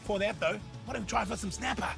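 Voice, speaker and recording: A man's voice: high voice, fast, gravelly, soft background music, full character voice. A man with a New Zealand accent playing a blokey, enthusiastic fishing show presenter in a comedy sketch, full of laid-back banter. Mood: matey. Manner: laid-back blokey banter, excitable when fish bites.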